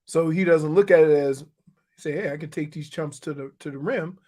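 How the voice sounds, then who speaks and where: High-pitched radio co-host guy, needling and arguing, casual banter. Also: moderate pace, dark tone. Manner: needling, argumentative. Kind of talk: casual sports talk banter.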